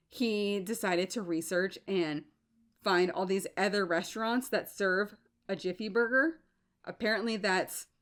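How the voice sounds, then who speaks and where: Woman podcast host, solo monologue, emphatic and incredulous, mid-range pitch.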